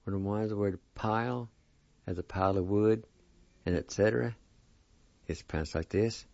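A man teaching a vocabulary lesson, spelling and pronouncing each word slowly and patiently, repeating it several times. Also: on the low side, gravelly, darkish tone, no echo. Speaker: language teacher. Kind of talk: slow spelling and pronunciation lesson. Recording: dull lo-fi recording.

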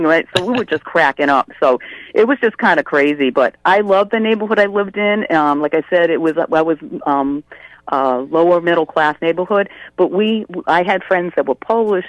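A woman's voice: sits low, a little fast, no room sound. Chatty woman caller on a muffled line. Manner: rambling, chatty, full of restarts and ums. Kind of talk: casual phone-in storytelling.

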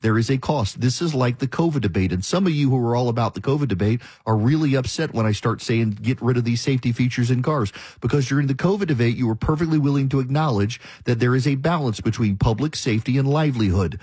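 A man's voice: medium pitch, quick pace, hardly any pauses, darkish tone, breathy edge, dry recording. A man hosting a talk radio show, delivering an emphatic, opinionated monologue and mocking his critics. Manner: emphatic, ranting, mocks critics in quoted voices.

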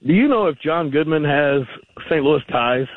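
A man's voice: on the high side, lively intonation, normal speed, dry recording. A man calling in to a talk radio show, rambling and arguing his point with fillers. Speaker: caller. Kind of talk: phone-in call to a talk show. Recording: tinny phone line.

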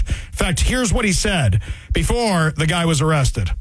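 Animated, sarcastic male talk radio host. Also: sits high, unhurried, no echo, faint music behind, poor audio. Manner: sarcastic, animated, repeats phrases for emphasis.

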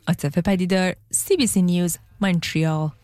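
A woman reporter reading a scripted news piece with steady, clear narration. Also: on the low side, unhurried, dry recording.

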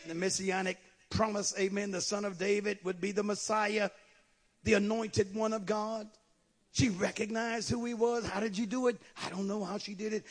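A man preaching a sermon, swinging from shouted lines to low asides. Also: husky. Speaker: pastor.

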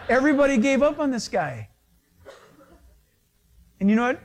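A man preaching a sermon in a high, lively voice. His pitch swings widely as he acts out little scenes of dialogue. He talks as the pastor in front of a congregation. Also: fairly quick, pauses often. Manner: animated preaching with acted-out dialogue.

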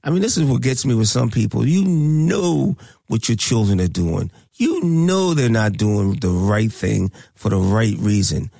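Deep gravelly guy hosting a radio talk show, dry close sound, preachy, keeps repeating himself. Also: animated, measured pace, hardly any pauses, dark tone, dry recording.

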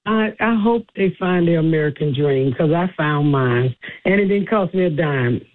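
A woman's voice: deep voice, lively intonation, normal speed. Woman, 50s, comedian guest, laughing storyteller, tinny phone line. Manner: laughs often, repeats words. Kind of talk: casual interview storytelling. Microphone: phone call.

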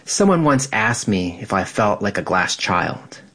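A man calmly reading his own personal essay in a measured, reflective way. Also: on the low side, husky.

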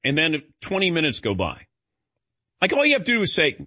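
A man's voice: on the high side, wildly swooping pitch, fairly quick, pushed and bright, breathy edge, no echo, dull audio. A man hosting a radio show, chatting casually and animatedly telling stories while calling on his cohosts by name. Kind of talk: casual on-air banter.

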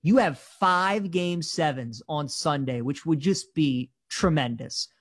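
Animated male sports co-host, dry sound. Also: a little high, slow pace, dry recording. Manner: animated, opinionated betting picks. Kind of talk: live sports talk show.

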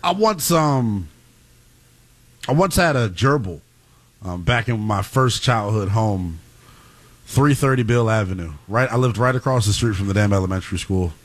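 A man's voice: lowish voice, normal speed, dry recording. A man co-hosting a podcast, chatting casually and telling rambling stories with a laugh. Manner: animated, laughing, rambling anecdotes. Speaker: podcast co-host. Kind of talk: casual chat.

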